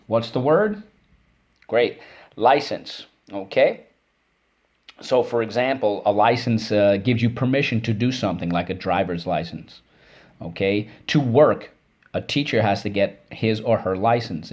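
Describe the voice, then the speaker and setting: A low-voiced man leads a phonics lesson, upbeat and encouraging. He says each word slowly and repeats it for the class to echo. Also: a little mellow. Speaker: teacher.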